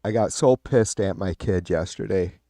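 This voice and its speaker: Low-voiced man ranting on a live stream. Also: normal speed, mellow, no room sound, studio quality. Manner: blunt, heated, swears often. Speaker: live stream host reading viewer comments. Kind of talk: casual profane political rant.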